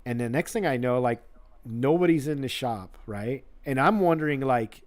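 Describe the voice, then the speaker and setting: A man's voice: medium pitch, expressive, normal speed. Guy telling a rambling work story, mid voice, lots of like and you know. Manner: rambling, lots of fillers, acts out quotes. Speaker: guest creature mask maker. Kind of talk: casual anecdote telling.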